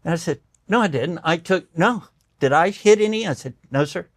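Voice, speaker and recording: A man's voice: sits high, moderate pace, no echo, clean studio sound. An older man, a doctor, telling stories in a conversation and acting out the voices of the people in them. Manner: animated storyteller acting out quoted voices, tears up. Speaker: doctor and guest. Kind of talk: storytelling in conversation.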